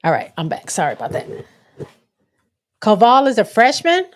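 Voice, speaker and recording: A woman's voice: on the high side, huge pitch swings, normal speed. A young woman hosting a casual sports livestream, chatting loosely and reading viewer comments aloud as she goes. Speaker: livestream host.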